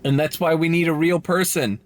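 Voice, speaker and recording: A man's voice: a little high, fairly even intonation, fairly quick. A man vlogging casually from inside his car as a rideshare driver, rambling, swearing and laughing a lot. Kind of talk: casual vlog while driving.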